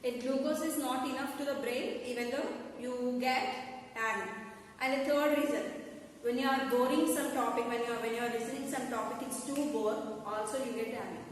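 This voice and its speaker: A woman with a fairly high voice and a Telugu-influenced Indian English accent teaches a school science lesson, going over points again and asking students whether they've understood. She's recorded from far off in an echoey room, with slight background noise.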